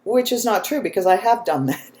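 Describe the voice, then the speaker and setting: Animated storytelling woman, echoey room. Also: medium pitch, brisk, a little hiss or hum. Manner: animated, laughs often, tells stories. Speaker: host, spiritual channel. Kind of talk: casual chat, storytelling.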